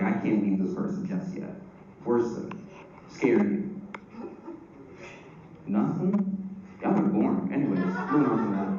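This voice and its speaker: A young man from Atlanta, doing a crude live stand-up set and teasing the crowd in a packed club. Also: mid-range voice. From Atlanta, Georgia. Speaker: stand-up comedian. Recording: roomy, dull live club audio from far off.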